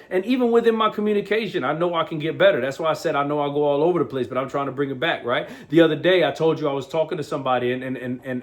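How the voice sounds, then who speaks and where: A man with a fairly high voice gives a motivational talk as host. He speaks with energy and street slang, and he often stops to repeat words or check in with "right?".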